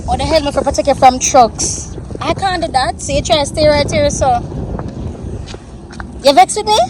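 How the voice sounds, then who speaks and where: High-voiced Jamaican mom vlogging outside. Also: female voice, fairly quick. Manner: mixes Patois with English, talks straight to her children. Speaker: vlogger and mother. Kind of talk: casual vlog talk to camera and kids. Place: outdoors by city streets and on a bus. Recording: traffic noise outdoors.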